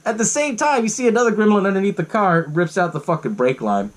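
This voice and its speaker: A podcast host with a high-pitched, animated voice recaps a movie at a quick pace. He's casual and profane, laughing along and using many fillers.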